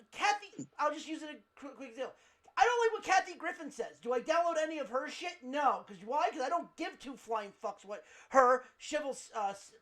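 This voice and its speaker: Loud, cursing, high-voiced man ranting. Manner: loud, heated, swears constantly. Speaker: podcast co-host. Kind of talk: casual profane rant.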